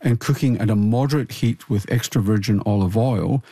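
A man, co-hosting and explaining food science in a measured way, listing points with small restarts. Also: fairly low pitch, dark tone, breathy edge, dry recording. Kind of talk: explanatory chat about nutrition.

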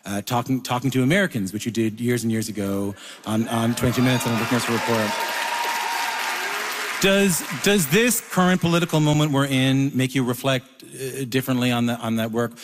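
A man's voice: medium pitch, long reverb tail, noisy background. Man asking long rambling questions. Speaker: interviewer host. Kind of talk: interview questions.

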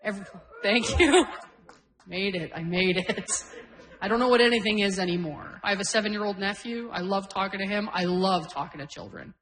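A woman in her forties from Canada works the crowd in a stand-up set. She tells brash, self-deprecating stories about her family and growing up, pitched at an ordinary middle height. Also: normal speed, fairly bright tone, low-quality recording. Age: 40s. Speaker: stand-up comedian. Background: audience laughter.

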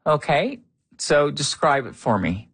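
A radio host chatting on a call-in show, curious and quick to laugh, reading emails and taking calls. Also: medium pitch, very animated, a bit bright, breathy edge, no room sound.

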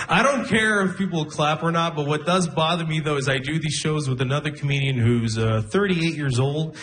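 Slightly high-voiced man doing stand-up. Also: expressive, normal speed. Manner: conversational storytelling, acts out quoted people. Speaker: stand-up comedian. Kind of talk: stand-up comedy set. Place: live comedy show before an audience. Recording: live show with audience noise.

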